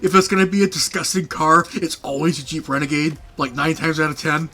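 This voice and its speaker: A man's voice: on the high side, fairly even intonation, fairly quick, pushed and bright. A young man casually telling funny stories from his past, rambling with fillers and laughing often. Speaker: podcast host. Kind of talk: casual storytelling chat.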